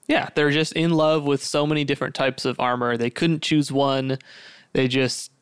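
Smooth-voiced young man joking around. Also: mid-range voice, steady tone, dry recording, studio quality. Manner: playful, jokey, quick back-and-forth. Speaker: podcast co-host. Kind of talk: casual banter.

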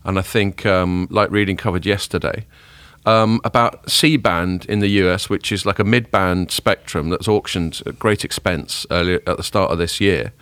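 A man's voice: deep voice, normal speed, hardly any pauses, a bit bright, no echo. A man hosting a tech podcast, chatting casually and giving firm opinions. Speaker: podcast host.

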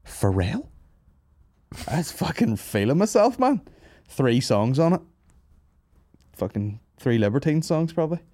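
A man's voice: on the high side, big pitch swings, normal speed, long pauses, dark tone. A man hosting a comedy podcast, telling rambling, sweary stories and laughing at his own jokes. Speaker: podcast host. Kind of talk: casual comedy podcast banter.

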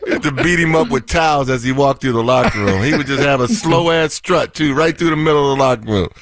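A man's voice: medium pitch, slight background noise. A man co-hosting a sports podcast, telling locker-room stories in a casual, laughing way and drawing out his words. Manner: laughing storyteller, drawn-out delivery. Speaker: podcast co-host, former football coach.

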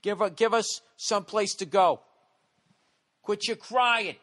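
A man doing a shrill stingy nagging dad. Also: slow pace, fairly bright tone. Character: stingy controlling father, a man.

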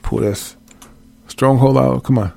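A man leading a casual online Bible study, reading verses aloud and talking to his viewers in a folksy, animated way. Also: medium pitch, measured pace, vocal fry. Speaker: Bible teacher.

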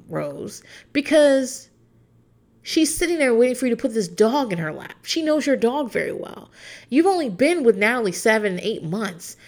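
A woman in her thirties, casually and opinionatedly recapping a reality show as a podcast host, rambling with plenty of fillers. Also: mid-range voice. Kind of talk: casual chat.

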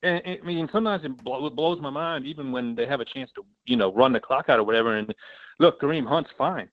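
A man's voice: mid-range voice, quick pace, dry recording, dull audio. A man, a guest on a sports radio show, venting in casual chat with many restarts. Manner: exasperated, animated venting with restarts. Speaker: soccer play-by-play announcer, guest.

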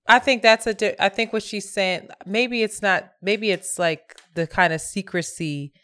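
A woman co-hosts a podcast in loose, casual conversation. She is emphatic and playful, with quick asides. Her voice is smooth and clear, and her pitch sits in the middle. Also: fairly bright tone. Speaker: podcast co-host. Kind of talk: casual chat.

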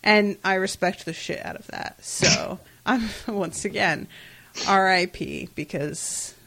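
A woman in loose podcast chatter, lively and quick to laugh. She swears freely and acts out lines from the episode in a mid-range voice. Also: mid-range voice, gravelly. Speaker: podcast co-host. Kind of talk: casual recap chat.

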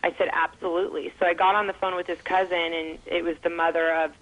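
Middle-aged woman, interview guest, earnest emotional storyteller, slightly low voice. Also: little pitch movement, quick pace, fairly bright tone, dull audio. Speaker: guest, mother and foundation founder.

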